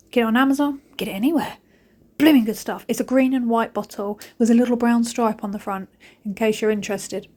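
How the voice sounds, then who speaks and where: A mother and vlogger in her thirties chats cheekily and tells jokey stories over footage of her cleaning the house. Her voice is fairly high and a little mellow.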